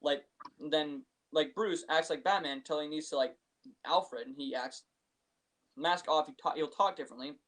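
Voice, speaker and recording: High-voiced, animated young man. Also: normal speed. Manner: animated storyteller, acts out scenes in excited voices. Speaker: podcast co-host. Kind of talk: casual chat.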